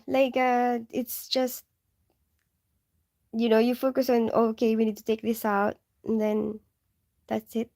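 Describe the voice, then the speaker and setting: A woman's voice: on the high side, fairly even intonation, measured pace, gravelly, a little mellow. Giggly chatty woman, mixed Filipino-English accent. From Philippines. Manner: chatty, giggly, full of "like" and "you know". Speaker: nurse and livestream host. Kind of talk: casual livestream chat reading viewer questions.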